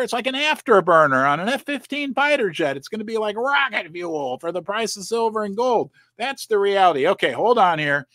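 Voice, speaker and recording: Animated, jokey man hosting finance talk. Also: high-pitched, dry recording, studio quality. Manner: animated, jokey, exclaiming and mock-quoting. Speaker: host of a precious metals channel. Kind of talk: casual chat reading news articles.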